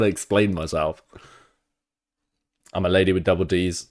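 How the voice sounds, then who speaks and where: A man's voice: deep voice, steady tone, fairly quick, pauses often. A man with an English Midlands accent, streaming and chatting casually with rambling, sweary talk. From England, Midlands. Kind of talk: casual live reaction chat.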